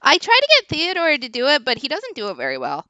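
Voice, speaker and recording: A young woman playing a tabletop game, playful and quick to giggle. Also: high-pitched, wildly swooping pitch, sharp tone, no echo, highs cut off. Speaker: player. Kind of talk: casual tabletop play.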